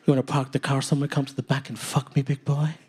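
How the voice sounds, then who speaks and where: Man putting on a breathy over-the-top flirt. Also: mid-range voice, completely flat delivery, fast, pitched below the performer's own voice, lightly acted. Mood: mock sultry. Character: breathy flirty woman in a porn plot.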